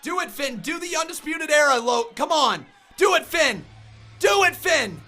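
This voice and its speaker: Frantic shouting man reacting live. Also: very high-pitched, moderate pace, faint music behind. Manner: excitable, shouting, frantic exclamations. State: shaking with excitement. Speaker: wrestling reaction streamer.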